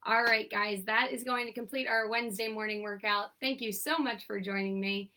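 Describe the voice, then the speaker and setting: A young woman leading a seated exercise class, with a raspy morning voice, counting down and giving encouraging cues. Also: mid-range voice, steady tone, moderate pace, hardly any pauses, bright, forceful tone, poor audio. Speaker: fitness instructor.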